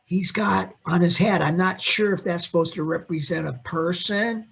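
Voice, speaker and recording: Male accounting instructor, husky and a touch high, lively teasing classroom lecture. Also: moderate pace. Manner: animated, teasing, quizzes students by name. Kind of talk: classroom lecture with questions to students.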